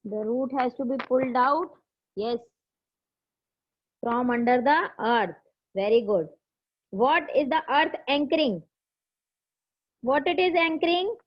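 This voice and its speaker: A woman teacher with an Indian English accent leads an online class, patiently asking each question twice and encouraging her students. Her voice sits high. The audio is dull and lo-fi, as from a video call. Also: animated, slow, long pauses.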